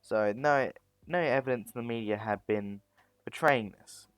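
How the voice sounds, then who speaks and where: A man's voice: mid-range voice, moderate pace, no echo. A man narrating a fan story, often stopping to correct himself as he goes. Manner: rambling, self-correcting.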